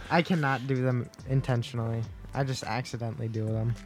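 A man's voice: medium pitch, steady tone, moderate pace, soft background music. A man co-hosting a podcast in casual chat, jokey and self-deprecating, often laughing. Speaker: podcast co-host.

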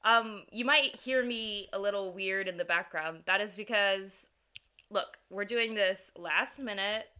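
A woman's voice: mid-range voice, a little slow, sharp tone, clear, resonant tone. A woman co-hosting a podcast in casual chat, giggly and rambling, poking fun at herself while sharing one microphone. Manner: giggly, rambling and self-deprecating. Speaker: podcast co-host.

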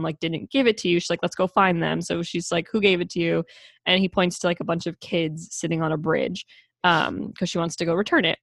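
A woman with a somewhat low voice chats casually on a podcast, retelling a story and jumping up high to act out the characters. Her delivery is animated and loose, with casual swearing. The sound is dry and close. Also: vocal fry, dry recording. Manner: animated, acts out characters with big pitch jumps, swears casually. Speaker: podcast co-host. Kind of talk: casual chat recapping a film.

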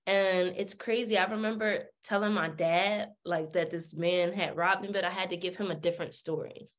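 Woman guest on a podcast, sassy and candid, swears a lot, acts out everyone in her story. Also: medium pitch. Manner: sassy, animated, swears freely, acts out the people she quotes.

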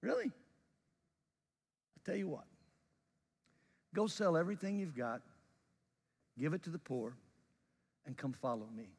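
Preacher doing a gentle teacher, quiet and slow, long echo from a big room. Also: male voice, fairly high pitch, big pitch swings, creaky, slightly rough, full character voice. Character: calm gentle teacher speaking softly to a proud man.

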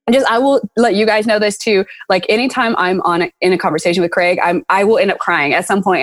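A woman's voice: medium pitch, very animated, brisk. A woman hosting a faith podcast, talking casually and emotionally with many fillers. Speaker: podcast host.

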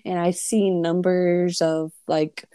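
Brief: woman podcast co-host, low mellow voice, chatty and loose, dry close sound. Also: little pitch movement, slow, clear, resonant tone, dry recording. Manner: chatty, summarizing news with fillers. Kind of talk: casual podcast chat.

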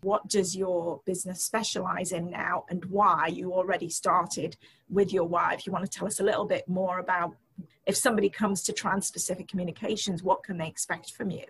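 A woman hosting an interview, responding to her guest with warm enthusiasm and encouragement. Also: on the low side, level tone, fairly quick, low-quality recording. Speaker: interview host.

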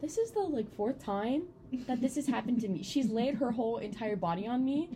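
A teenage girl co-hosting a casual podcast with friends, teasing and given to loud outbursts. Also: fairly high pitch, animated, brisk, over a noisy crowd. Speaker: podcast co-host. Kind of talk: casual chat among friends.

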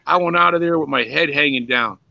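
In a casual interview, an older man who used to wrestle professionally tells rambling, profane stories packed with "you know"s and restarts. His voice is on the high side with vocal fry and a slightly fast pace, captured in a dry, slightly dull lo-fi recording with no room sound.

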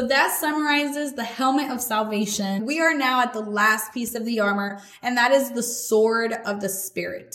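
A woman's voice: a little high, a bit bright. A woman hosting a podcast, giving a casual, earnest faith talk in a conversational, slangy way. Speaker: podcast host. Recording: echoey room.

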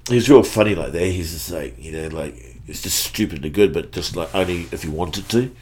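A man's voice: sits low, animated, fairly quick, a little mellow, a little hiss or hum. A man in his forties with a New Zealand accent, telling stories in a laid-back, sweary podcast chat. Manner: laid-back, swears freely, lots of fillers. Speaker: guest musician. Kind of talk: casual storytelling chat.

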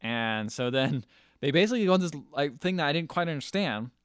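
A man's voice: on the high side, expressive, a little fast, a bit bright, smooth, no echo, studio quality. A man co-hosting a podcast, casually retelling a film's plot and acting out the characters' lines as he goes. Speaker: podcast co-host. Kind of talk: casual film recap chat.

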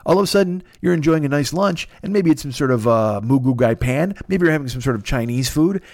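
Middle-aged guy from illinois, gravelly fry in his voice, swearing nonstop, rambly comedy rant. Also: fairly high pitch, animated, brisk, darkish tone, dry recording, clean studio sound. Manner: profane, rambling, hypothetical scenarios. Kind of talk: comic monologue rant.

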